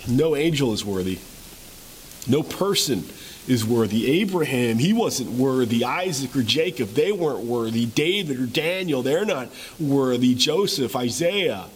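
A man's voice: medium pitch, lively intonation, unhurried, a little hiss or hum, low-quality recording. A man preaching a sermon, retelling a scene dramatically with repeated rhetorical questions. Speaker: pastor.

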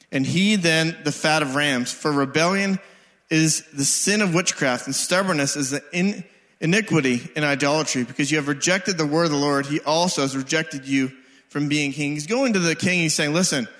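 Male preacher, thirties; bright, fairly high voice, casual energetic delivery, reverberant hall. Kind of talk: sermon. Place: church hall.

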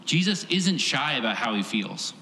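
In a large church hall with long, echoing reverb, a pastor preaches a sermon, earnest and emphatic, piling up repeated phrases for effect. His medium-pitched voice is sing-song, pushed and bright, at a moderate pace, with a little hiss or hum on the recording.

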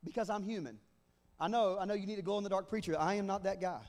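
A man preaching a sermon, moving between fervent shouted proclamation and quieter conversational teaching. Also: sits high, quick pace, big-room sound.

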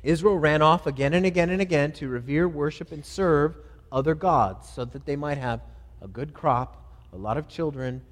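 A man preaching a sermon, reading scripture and praying earnestly, swelling to emphatic phrases and falling back soft. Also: a little high, normal speed. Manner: earnest, reads scripture aloud and leads prayer; builds to louder emphatic phrases, then drops soft. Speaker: pastor. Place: church sanctuary. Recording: long hall reverb.

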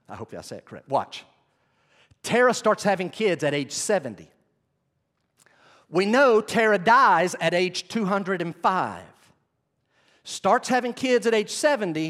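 A man delivers an animated sermon in a fairly high voice. His pitch swings widely as he calls out to the congregation and draws them in. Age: 40s. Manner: animated, direct, addresses congregation. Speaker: pastor.

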